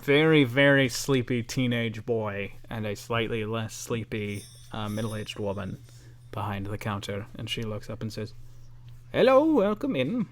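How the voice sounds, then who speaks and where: A man's voice: fairly low pitch, a little slow. Easygoing man running a tabletop game. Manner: relaxed, chatty, with fillers and laughs. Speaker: game master. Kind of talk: narrating a tabletop game over a call.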